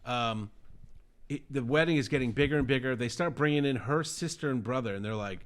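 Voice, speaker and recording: A man co-hosting a casual podcast chat, retelling a story with animated acted-out quotes and frequent swearing. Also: medium pitch, brisk. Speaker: podcast co-host.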